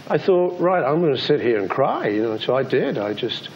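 A British man in his fifties, giving a reflective interview in a soft, halting, heartfelt way. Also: medium pitch, very animated, slight background noise. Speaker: interview guest. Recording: slightly dull archival interview audio.

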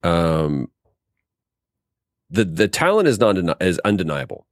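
A man with a very low voice that still swings widely in pitch as he tells behind-the-scenes stories. He talks casually, restarting phrases and acting out bits. The sound is dry and close. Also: slow, no room sound. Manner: animated anecdotes with frequent restarts. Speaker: interview guest, voice actor. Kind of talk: casual storytelling interview.

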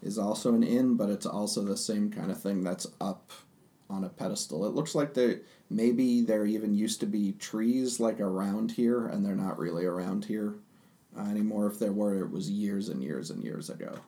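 A man narrating a tabletop role-playing game as game master, relaxed with frequent hesitations. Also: on the low side, normal speed. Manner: relaxed, hesitant, many ums.

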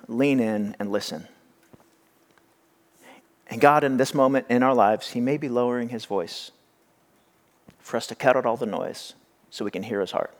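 A young adult man preaching a sermon as pastor, talking conversationally and acting out the voices he quotes. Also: medium pitch. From California.

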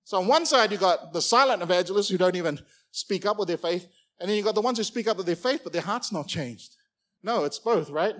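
A man preaching a sermon, animated and playful, acting out little characters as he goes. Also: high voice, fairly quick. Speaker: pastor.

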